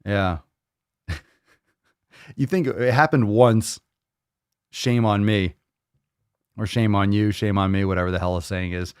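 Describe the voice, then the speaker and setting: A man hosting a fitness podcast in casual chat, joking and animated, swearing freely. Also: lowish voice, unhurried, long pauses, clear, resonant tone, no room sound, clean studio sound. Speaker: podcast host.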